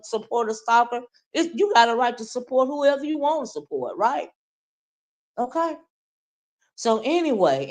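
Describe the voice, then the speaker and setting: A woman hosting a livestream, ranting casually and talking straight to her viewers, often checking in with "right?" and "okay?". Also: a little high. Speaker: livestream host. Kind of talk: casual livestream rant, reading chat.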